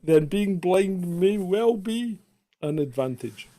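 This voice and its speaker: A man's voice: high voice, expressive, takes it slowly, warm tone. A man in a casual podcast chat who jokes around and laughs often.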